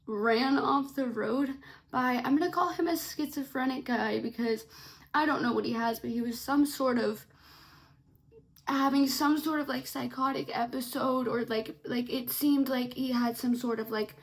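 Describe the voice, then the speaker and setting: A young woman with a high, bright voice tells a story to her camera, tearful and snotty from crying. She rambles with plenty of likes and ums and sounds shaken. Recorded at home on a simple camera mic. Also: unhurried. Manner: shaken, rambling, many fillers. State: tearful, sniffly. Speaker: vlogger. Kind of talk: emotional storytime vlog.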